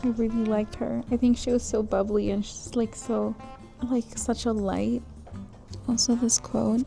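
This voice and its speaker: A woman book vlogger talking casually as she reads, exclaiming, swearing and rambling out loud at each turn of the story. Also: a little high, flat delivery, a little slow, creaky, faint music behind. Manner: emotional, exclaiming and swearing at plot twists; rambling, thinks aloud with many fillers. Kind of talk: casual reading reaction vlog.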